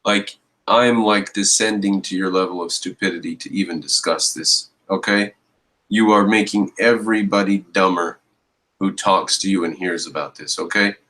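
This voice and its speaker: Exasperated low-voiced man ranting. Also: steady tone, normal speed, fairly bright tone, poor audio. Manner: exasperated, mocking rants. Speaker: commentator reacting to a video. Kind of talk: reaction commentary.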